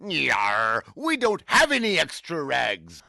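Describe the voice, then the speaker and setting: A man's voice: high-pitched, wildly swooping pitch, slow, pushed and bright, no room sound. A man playing a grumpy pirate in a comedy skit, growling his lines.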